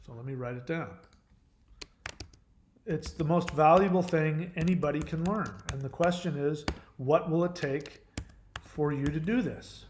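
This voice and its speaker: A man's voice: fairly high pitch, a little slow, long pauses, a little mellow, a little hiss or hum. A middle-aged man from the United States talking in a casual monologue, rambling, blunt and profane, often hedging that he doesn't know. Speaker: host.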